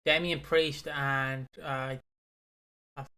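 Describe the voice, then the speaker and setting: A man's voice: mid-range voice, extremely slow. A young man co-hosting a podcast, chatting casually about wrestling, rambling and swearing a lot as he tells stories. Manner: rambling, swears often, excitable storyteller. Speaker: podcast co-host.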